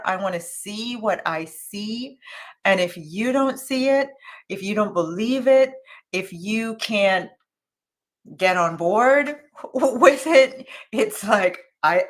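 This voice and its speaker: Giving a live motivational talk on a morning show, this coach tells her story in an offhand, think-out-loud manner full of fillers and restarts. When quoting others, she leaps into a high, lively voice.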